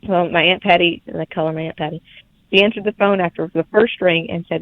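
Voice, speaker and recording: A young woman, telling her birth story as a podcast guest in lively, laughing casual chat. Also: on the low side, fast talker, dry recording. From Alabama, USA. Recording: tinny phone-like remote line.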